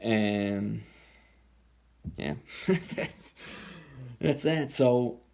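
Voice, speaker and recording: A young man tells a personal story in a candid, rambling way. He swears often and trails through restarts. When he quotes others, his voice jumps up high. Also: very slow, vocal fry, a little mellow, clear, resonant tone.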